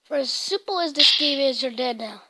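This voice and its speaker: A woman giving casual gameplay commentary in an excitable way, blurting out mild swears as she plays. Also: high voice, moderate pace, heavy background noise. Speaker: gaming channel host. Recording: loud game music over the voice.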